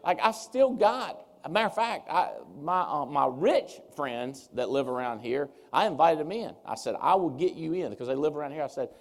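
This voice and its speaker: A man giving a seminar talk as a speaker, telling his story with lively, animated swings as he acts out what people said. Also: on the high side, normal speed, hardly any pauses. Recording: reverberant hall.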